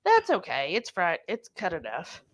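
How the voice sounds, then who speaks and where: A woman's voice: on the low side, huge pitch swings, moderate pace. A woman co-hosting a live cooking stream, chatting casually and reading viewer comments aloud. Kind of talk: casual live cook-along chat.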